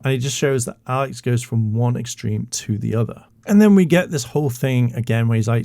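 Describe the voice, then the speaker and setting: A man's voice: medium pitch, a little fast, vocal fry, hardly any pauses, dark tone, no echo. Man, YouTube commentator, heated, swearing a lot, indignant, dry close sound. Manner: blunt, profane and indignant.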